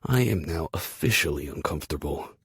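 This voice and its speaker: A man with a very low, husky voice reads a first-person audiobook with dry, sardonic wit. The recording is close and dead dry, with no room sound. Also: lively intonation, brisk, fairly bright tone, dry recording. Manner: dry, wry, sardonic inner monologue. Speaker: audiobook narrator.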